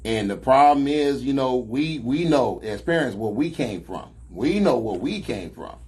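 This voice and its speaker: A man's voice: mid-range voice, lively intonation, a little slow, darkish tone, breathy edge. A man with a Chicago accent and Southern slang, hosting a casual talk show with emphatic, preachy phrasing. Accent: Chicago Black American English with Southern slang. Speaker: host.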